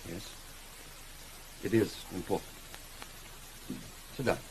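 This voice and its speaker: An actor playing a brooding gentleman master of a manor in a 1950s television drama, commanding but turning soft and pleading. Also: sits low, steady tone, takes it slowly, background noise. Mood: earnest. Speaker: employer.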